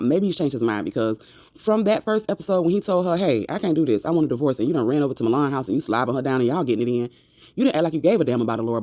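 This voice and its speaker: A woman talks through a TV episode in a loose, chatty way, dropping sassy slang along the way. Her voice sounds warm and mellow. It was recorded close up in a dry, dead room. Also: extremely low pitch, no echo. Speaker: TV recap vlogger. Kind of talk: casual episode recap.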